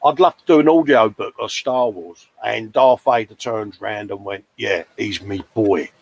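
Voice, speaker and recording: A man's voice: medium pitch, moderate pace, vocal fry. A man, hosting a casual model-building live show in a chatty, jokey way, often calling people mate. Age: 40s. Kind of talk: casual chat. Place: hobby workbench.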